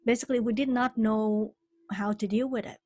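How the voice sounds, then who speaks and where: A woman's voice: a little high, fairly even intonation, fairly quick, darkish tone, dry recording. A woman hosting an interview, speaking hesitantly with many fillers. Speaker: podcast host. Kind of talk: casual interview chat.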